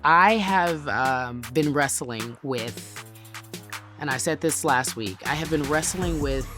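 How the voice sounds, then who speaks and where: A woman's voice: low-pitched, slow pace, fairly bright tone, faint music behind. A woman hosting a podcast, talking in an emphatic, conversational way and building her points in counted lists. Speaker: podcast host. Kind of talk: podcast monologue and interview.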